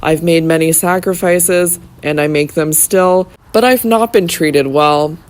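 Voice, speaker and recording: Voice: medium pitch, measured pace, close to an everyday voice. A reader doing a peevish old grandfather. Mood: self-pitying. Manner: whining, apologetic. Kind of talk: audiobook character reading.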